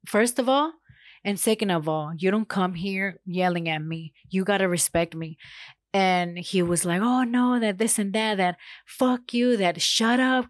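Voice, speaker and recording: A woman's voice: lowish voice, no room sound, studio quality. A woman telling a personal story to her viewers in a casual, blunt way. She swears freely and acts out what each person said. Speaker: vlogger.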